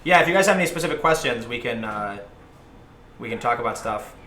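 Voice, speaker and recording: A man in his thirties hosting a casual live stream, telling rambling, animated stories and acting out what people said to him. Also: mid-range voice, fast talker. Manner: rambling, animated storytelling, acting out quoted voices. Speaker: livestream host. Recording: echoey room, faint noise.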